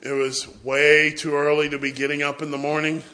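A middle-aged man preaching a sermon in church, telling a story and swinging from hushed asides to loud emphasis. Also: a little high, flat delivery, brisk.

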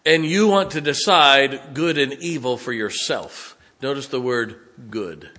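Bright-voiced folksy preacher man. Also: medium pitch, a little slow. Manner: folksy, joking and blunt. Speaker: pastor. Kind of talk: sermon.

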